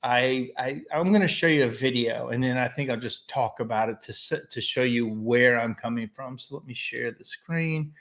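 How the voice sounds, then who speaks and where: A man's voice: medium pitch, moderate pace, hardly any pauses, fairly bright tone. Opinionated American man hosting a live stream. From United States. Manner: opinionated, loose and rambling. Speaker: host of a weekly live business show, chimney sweep. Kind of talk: casual live-stream monologue.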